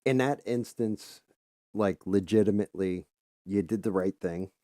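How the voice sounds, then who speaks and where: A man's voice: lowish voice, unhurried, warm tone, dry recording. A man hosting a casual chat, laid-back and candid, swearing freely. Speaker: host.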